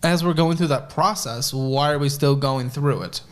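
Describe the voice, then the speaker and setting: Blunt, teasing man going over the money. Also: fairly high pitch. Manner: blunt, teasing, quick with numbers. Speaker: host reviewing a guest's finances.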